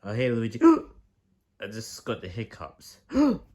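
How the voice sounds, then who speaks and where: A man's voice: lowish voice, huge pitch swings, slow, a little mellow, heavily acted. A man voicing a plush-toy plumber hero who keeps gasping with hiccups in a homemade skit. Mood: hiccuping.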